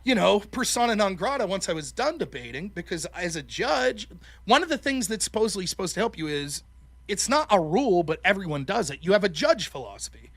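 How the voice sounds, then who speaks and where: A man's voice: high voice, big pitch swings, brisk, fairly bright tone. A man hosting a podcast, telling a story in casual, profane chat and mocking the people he quotes in put-on voices. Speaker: podcast host.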